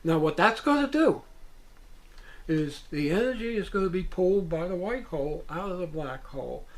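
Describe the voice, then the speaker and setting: A man with a somewhat high voice talks in an interview. He tells his account in an earnest, wandering way, often breaking off and restarting. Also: animated, normal speed, rough recording. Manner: earnest, meandering, hesitant restarts. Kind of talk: rambling first-person account. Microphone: VHS interview recording.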